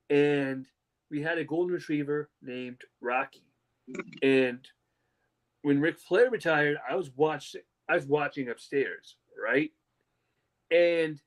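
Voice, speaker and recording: A young man co-hosting a casual wrestling podcast, an animated storyteller who slips into mocking fake-crying voices. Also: a little high. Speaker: podcast co-host.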